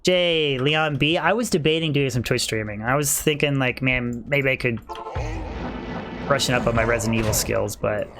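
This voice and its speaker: A man's voice: medium pitch, normal speed, over music. A young man on a game livestream, chatting casually with viewers and keeping his voice down because his wife is asleep. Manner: chatty, rambling, reads and answers chat. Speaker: game streamer. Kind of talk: casual livestream chat while playing.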